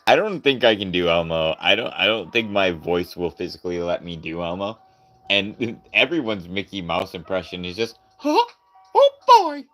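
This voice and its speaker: Deep-voiced goofy male streamer. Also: normal speed, a bit bright, faint music behind. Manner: goofy, rambling, laughs often, tries out character voices. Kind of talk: casual live-stream chat.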